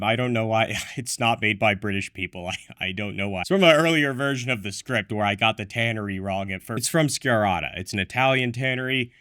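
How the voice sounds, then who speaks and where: A man's voice: lowish voice, brisk, hardly any pauses, music in the background. A man giving a scripted product review with wry, self-deprecating asides. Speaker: menswear reviewer.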